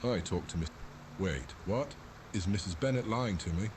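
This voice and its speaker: A wary male detective from a mystery game, spoken in a flat, synthetic voice set very low. A text-to-speech man voices him. The game audio carries a clear hiss of noise under the lines. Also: normal speed. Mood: suspicious. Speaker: game character.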